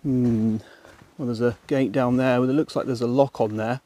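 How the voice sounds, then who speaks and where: Out on a muddy woodland path, an English man vlogs his walk and pants his way up a muddy hill. He keeps up casual commentary for viewers, muttering asides and letting out mild exclamations, in a dark, steady, mid-range voice at a moderate pace.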